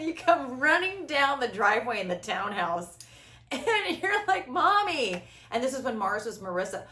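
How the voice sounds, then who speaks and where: A middle-aged woman talking loudly and dramatically, with big inflection and frequent laughs. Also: on the high side, sing-song, normal speed. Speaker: host. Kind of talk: casual conversation. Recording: echoey room.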